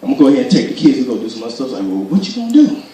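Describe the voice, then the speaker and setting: A man doing stand-up storytelling, animated and acting out voices as he laughs through his jokes. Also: medium pitch, rapid-fire. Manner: animated, acts out voices, laughs while telling. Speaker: stand-up comedian. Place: gospel comedy show venue. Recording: echoey hall from far off.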